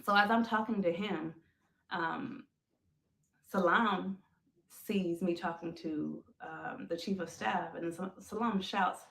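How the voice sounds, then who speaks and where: A woman telling a personal story on a podcast, animated, calling her listeners folks and acting out the things people said. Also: fairly low pitch, takes it slowly, gravelly. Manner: animated, addresses listeners as folks, acts out quoted lines. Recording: roomy echo.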